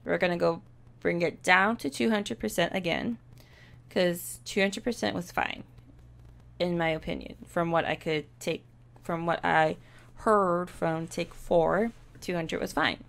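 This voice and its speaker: A woman streamer casually talking through microphone tests at home, chatty and unhurried, her voice cracking from screaming, on a desk microphone with a pop filter. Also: on the low side, fairly even intonation, creaky, fairly bright tone. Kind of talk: casual vlog talk to camera. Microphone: desk USB microphone with pop filter.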